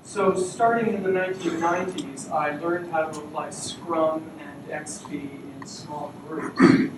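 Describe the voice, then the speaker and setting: A middle-aged man gives a relaxed evening talk, dotted with "uh" fillers. His fairly high voice comes from far off the mic in a very echoey hall, with clear noise behind it. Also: a little slow. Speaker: invited speaker. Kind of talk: evening lecture to an audience. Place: lecture hall.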